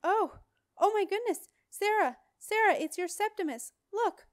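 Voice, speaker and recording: A woman reading an audiobook, voicing a bustling, kindly innkeeper in a storybook who is excitable and mischievous. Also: sits high, a little fast, voice pushed up. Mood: excited alarm. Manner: excitable, whispery asides turning to loud exclamations. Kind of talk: storybook character voice.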